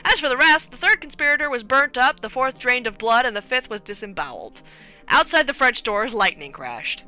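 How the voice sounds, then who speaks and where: A woman's voice: on the high side, very animated, brisk, pushed and bright, soft background music, voice pushed up, poor audio. A woman voicing a sheepish, easygoing male adventurer recounting a legend. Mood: storytelling.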